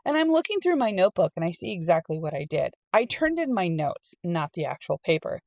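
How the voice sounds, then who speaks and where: A middle-aged woman reading a storytime aloud and telling her own college story in a chatty, animated way. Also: lowish voice, brisk, gravelly, no room sound. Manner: chatty and animated, acts out quoted people. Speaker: storytime reader and channel host. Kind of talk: casual storytime reading with personal anecdote.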